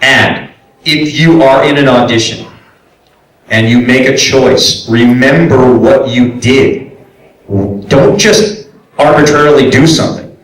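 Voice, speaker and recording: A man and voice actor giving a convention panel talk, animated and acting out quoted directors and clients. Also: mid-range voice, unhurried. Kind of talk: casual panel talk with audience questions. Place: convention hall. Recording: echoey hall, voice picked up from far off.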